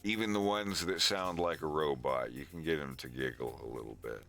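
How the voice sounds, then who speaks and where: A man's voice: extremely low pitch, normal speed, gravelly, pushed and bright, soft background music. A man streaming, chatting casually and loosely, with profanity, as he gives advice. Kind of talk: casual rambling stream chat.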